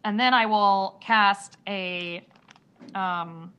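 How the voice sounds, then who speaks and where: A woman playing a tabletop game, who talks in a halting, giggly way with lots of fillers. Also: medium pitch, steady tone, smooth, dull audio. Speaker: player. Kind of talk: casual tabletop play.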